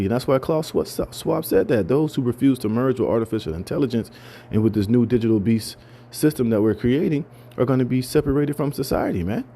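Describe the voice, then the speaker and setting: A man's voice: on the low side, dark tone. A man talking through news items in an emphatic way, stammering and restarting and filling with "you know" and "man". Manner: emphatic, repetitive, many fillers and stammered restarts. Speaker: commentator. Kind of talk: casual talk reading news.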